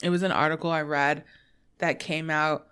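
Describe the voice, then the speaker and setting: A woman's voice: deep voice, normal speed, smooth. A woman with a slight lisp from braces, chatting casually as a podcast co-host and laughing often. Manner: laughs often, animated storytelling. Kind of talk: casual chat.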